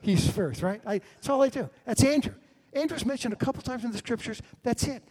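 A middle-aged man preaching a sermon, telling the story with lively swings between loud and hushed delivery. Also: very high-pitched, a little fast.

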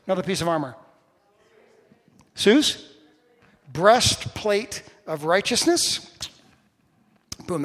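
A pastor with a fairly high voice delivers a sermon, trading casual questions with his congregation and then surging into loud, emphatic lines. His voice rings out in a church hall with a long, lingering reverb. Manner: building to loud emphatic bursts; conversational with the congregation.

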